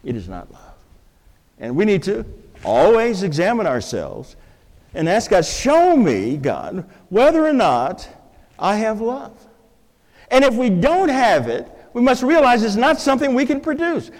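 In a church with a big-room sound, a man preaches to his congregation in a high, sing-song voice that's a little slow and a little mellow. As pastor, he gives an interactive sermon with object lessons, asking the crowd playful quiz questions.

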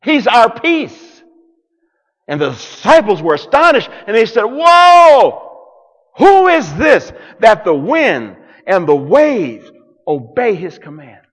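A man preaching a sermon to a congregation, dramatic, swinging from loud declarations to hushed near-whispers. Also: high-pitched, huge pitch swings, a little slow, breathy edge, long reverb tail. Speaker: pastor.

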